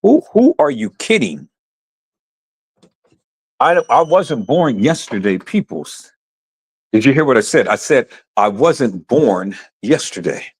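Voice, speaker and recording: Man, live-stream rant, impassioned, repetitive, animated pitch. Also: husky. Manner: impassioned, repetitive, addresses viewers as "peoples". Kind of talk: ranting live-stream commentary.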